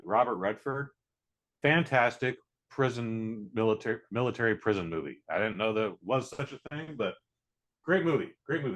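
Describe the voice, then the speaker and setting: A man's voice: lowish voice, a bit bright. A man casually reviewing a film on a podcast, rambling with many fillers and restarts. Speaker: podcast co-host. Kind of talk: casual movie review chat.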